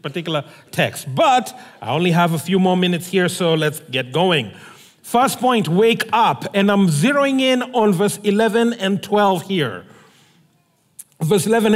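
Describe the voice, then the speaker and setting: A man preaching a sermon as pastor, animated and storytelling, acting out both sides of a conversation in a church sanctuary. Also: high-pitched. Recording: long hall reverb.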